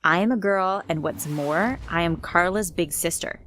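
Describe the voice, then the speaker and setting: A woman voicing a young protective big sister who plans revenge, in a firm, plotting manner, for an animated story. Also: fairly low pitch, normal speed, slight background noise, close to an everyday voice. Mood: determined.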